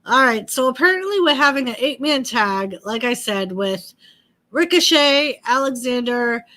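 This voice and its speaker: A woman's voice: on the high side, lively intonation, moderate pace, bright, forceful tone. A woman hosting a casual livestream, chatting about wrestling and greeting viewers by name. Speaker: livestream host. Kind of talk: casual live wrestling commentary and chat.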